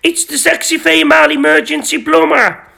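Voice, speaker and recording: Coy lady plumber in a silly comedy reading, a guy barely changing his voice, very high and bright with a gravelly edge. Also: normal speed, heavily acted. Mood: flirty.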